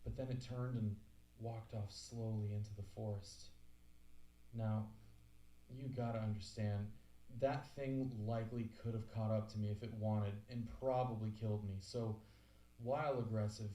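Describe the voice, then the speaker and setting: A man's voice: on the low side, steady tone, moderate pace, mellow, lightly acted. Man reading as a retired park ranger, earnest. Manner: plain, earnest storytelling. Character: retired male park ranger telling a forest story. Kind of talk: scripted story narration. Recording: echoey room with faint hum.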